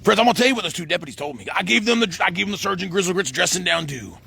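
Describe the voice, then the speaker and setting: Guy in middle age, quick and bouncy delivery, gravelly phone vlog rant outdoors. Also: sits high. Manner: says "friends" in nearly every line, rambling and excitable. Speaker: vlogger. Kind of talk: rambling monologue to camera.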